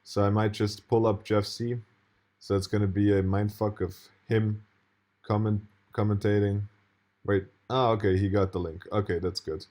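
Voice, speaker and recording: A man's voice: fairly low pitch, level tone, normal speed, a little mellow. A man commenting casually on a video he plays, indignant and rambling, swearing now and then. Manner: indignant, rambling, profane, with restarts and laughs.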